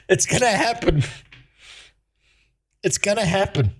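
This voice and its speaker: This male streamer's voice sits high with a slight roughness. He goes on a loose, mocking rant as host, rambling and breaking into frequent laughter.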